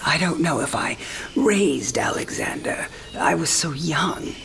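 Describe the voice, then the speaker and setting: A woman's voice: low voice, expressive, a little slow, creaky, fairly bright tone, soft background music, exaggerated voice. A wry dying old woman. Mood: tender. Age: older. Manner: teasing, frank and tender. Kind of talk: game cinematic voice acting.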